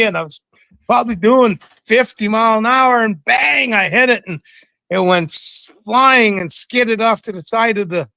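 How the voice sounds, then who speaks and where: A man's voice: sits high, creaky, fairly bright tone, no room sound, voice pushed up, full character voice, rough recording. A man acting out a panicked male truck driver who is breathlessly retelling a frightening crash.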